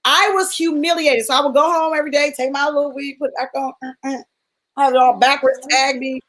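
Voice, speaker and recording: A woman's voice: high voice, steady tone, fairly quick, a bit bright, low-quality recording. A woman in a casual panel chat, telling a personal story with feeling and acting out the voices of people in it.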